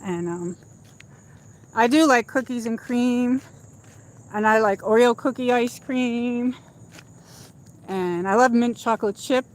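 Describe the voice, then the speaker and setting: This livestream host's voice runs on the high side, slow and broken by long pauses. She strolls outdoors through a shopping district as dusk falls, holding her phone and chatting aimlessly with lots of filler words in a casual walk-and-talk.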